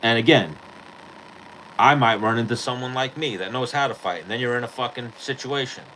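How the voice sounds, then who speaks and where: A man's voice: mid-range voice, fairly quick, sharp tone, a little hiss or hum, poor audio. A male podcast host telling a rambling, profane story in casual chat.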